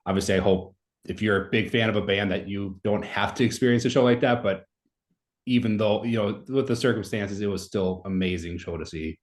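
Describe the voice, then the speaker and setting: A man's voice: fairly low pitch, brisk. A man in his thirties telling a story in casual conversation as a podcast guest, rambling with many fillers.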